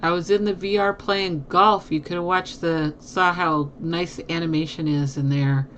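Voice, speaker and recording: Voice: mid-range voice, fairly even intonation, normal speed, a bit bright, muffled recording, slight background noise. A live streamer chatting casually with viewers from a home desk, laughing often.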